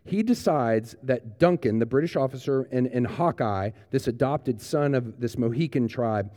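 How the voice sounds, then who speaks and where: A man preaching a sermon as pastor, retelling a story earnestly and then moving into a quiet prayer. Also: medium pitch, animated, moderate pace, in a large hall.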